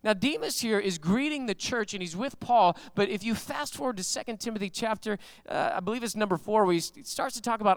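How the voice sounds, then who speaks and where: A male pastor preaching a sermon, animated and conversational, telling stories with emphatic rises in his voice. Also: sits high, a little fast, hardly any pauses, smooth, dry recording.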